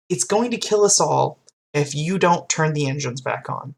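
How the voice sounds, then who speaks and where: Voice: mid-range voice, animated, normal speed, vocal fry. A podcast co-host rambling through a TV episode recap in casual chat, swearing and quoting characters.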